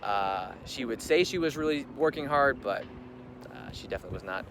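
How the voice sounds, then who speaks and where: Animated and fairly quick, a young man's mid-range voice tells a personal story in a casual vlog over loud background ambience. He's chatty, heavy on "like," and dramatizes what people said to him.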